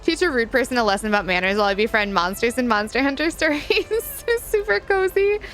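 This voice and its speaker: A woman's voice: fairly high pitch, lively intonation, quick pace, fairly bright tone. A woman live-streaming a video game in casual chat, reading and answering her viewers and giggling often.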